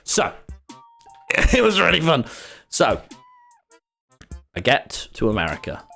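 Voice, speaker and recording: Lively young man telling a story. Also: medium pitch, slow, creaky, soft background music. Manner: animated, rambling, swears often. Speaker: streamer. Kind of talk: live-stream storytelling to chat. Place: home streaming room.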